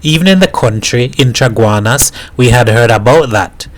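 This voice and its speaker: A man from Jamaica reading a novel aloud in a steady storytelling voice. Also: medium pitch, normal speed, low-quality recording. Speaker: reader.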